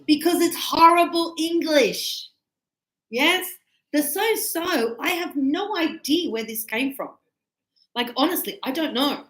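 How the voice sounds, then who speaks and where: A woman teacher explaining grammar to students in a classroom, animated and emphatic, acting out little dialogues. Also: high voice, takes it slowly. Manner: emphatic, teasing. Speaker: English teacher. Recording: echoey room.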